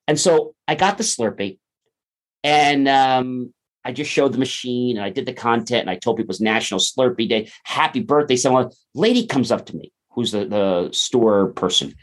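A man's voice: medium pitch, normal speed. A man, a podcast guest, talking casually and acting out the people in his stories. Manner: animated, acts out quoted dialogue. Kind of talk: conversational interview storytelling.

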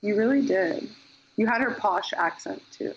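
A young woman co-hosting a gossip podcast with wry, deadpan jokes. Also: mid-range voice, normal speed, slightly rough, highs cut off. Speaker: podcast co-host. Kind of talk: casual celebrity gossip chat.

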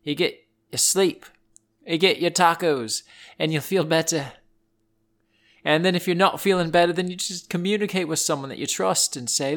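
A man hosting a children's podcast, telling silly animal facts in a playful, animated way and wandering off on tangents. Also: a little high, moderate pace. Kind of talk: playful storytelling for kids.

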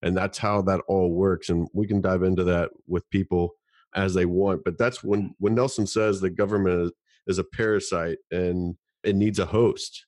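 A man's voice: low voice, steady tone, moderate pace, darkish tone, no echo, clean studio sound. A man co-hosting a podcast in casual chat, explaining ideas and often repeating words as he thinks. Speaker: podcast co-host.

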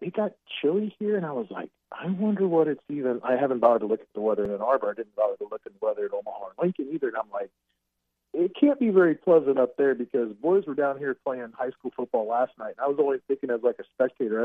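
A man on a phone call, a recruiting analyst chatting casually as a guest and telling rambling, animated stories. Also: mid-range voice, fast talker, hardly any pauses, breathy edge, dry recording. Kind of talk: casual podcast chat by phone. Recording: dry tinny phone line.

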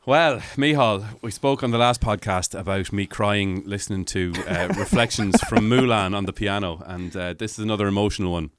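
A man's voice: fairly low pitch, moderate pace, few pauses, no echo. A man co-hosting a podcast, telling his stories in a casual, earnest, sentimental way. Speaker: podcast co-host. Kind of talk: casual chat.

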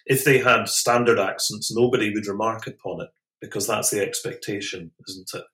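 A man who is a linguistics expert, answering an interview question deliberately and reasoning it out aloud. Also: lowish voice, fairly even intonation, bright, forceful tone. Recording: roomy echo.

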